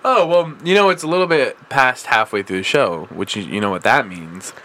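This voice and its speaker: A man hosting a casual comedy chat show in a playful, hammy, energetic way. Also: mid-range voice, moderate pace. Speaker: host. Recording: background noise.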